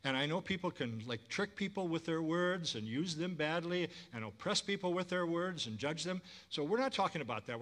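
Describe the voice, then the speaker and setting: A man preaching a sermon as pastor, lively and inviting the congregation to respond. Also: mid-range voice.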